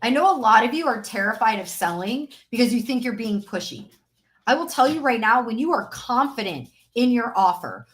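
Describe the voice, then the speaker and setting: A high-pitched woman hosts a live-stream coaching session. She talks with energy and preaches, repeating her main points for emphasis. She sounds like a business coach rallying her audience. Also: fairly bright tone.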